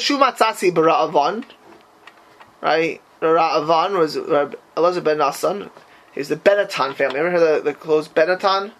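A man teaching an informal Talmud class, mixing Hebrew and Yiddish terms into English and asking animated questions of his students. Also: poor audio. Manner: animated, rising to high emphatic questions.

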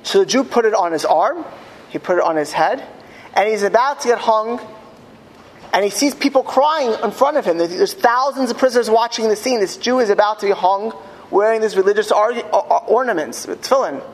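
A man telling a story to an audience with halting restarts, his voice rising to high cries in quoted lines. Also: expressive. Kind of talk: impassioned storytelling talk. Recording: long hall reverb, faint ambience.

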